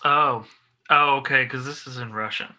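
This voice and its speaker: A man with a medium voice and a very bright tone co-hosts a relaxed podcast conversation. He tells little stories in a casual way and is quick to laugh. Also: mid-range voice. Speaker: podcast co-host. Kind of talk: casual chat.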